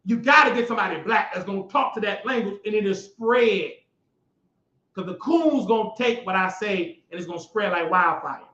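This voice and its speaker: A man with a high voice hosts his own show and tears into politics in a loud, mocking rant, climbing to shouts as he gets worked up. The sound is roomy and a little dull, as if from a home setup. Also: moderate pace. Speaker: show host. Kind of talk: heated political commentary.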